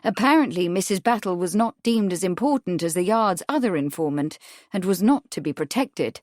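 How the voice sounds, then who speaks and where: A woman reads an audiobook in a measured, even way, her voice sitting on the low side. The scripted narration is recorded dry, with clean studio sound.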